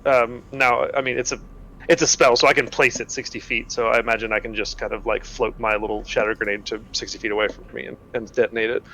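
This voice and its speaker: A man's voice: medium pitch, steady tone, fast talker, bright, forceful tone, slight background noise. A man playing a tabletop game, talking casually and rambling with many fillers and restarts. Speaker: player.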